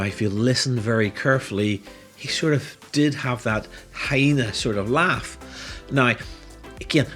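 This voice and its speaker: Low-voiced man explaining hypnosis. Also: fairly bright tone. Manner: explanatory, casually talking through his own video. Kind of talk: tutorial commentary.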